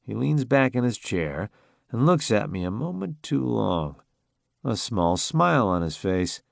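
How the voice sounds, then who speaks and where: Gravelly male romance narrator. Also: fairly low pitch, sing-song, unhurried, no echo, clean studio sound. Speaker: audiobook narrator. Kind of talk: first-person romance narration.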